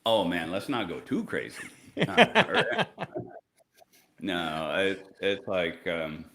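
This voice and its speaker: A man hosting a casual livestream, talking in a rambling, joking way with quick asides. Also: low voice, a bit bright. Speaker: company co-founder hosting a livestream.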